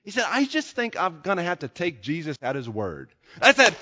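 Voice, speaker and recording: A man preaching a sermon, telling a story quietly and then building to shouted passages. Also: sits high, huge pitch swings, moderate pace, hardly any pauses, long reverb tail, highs cut off.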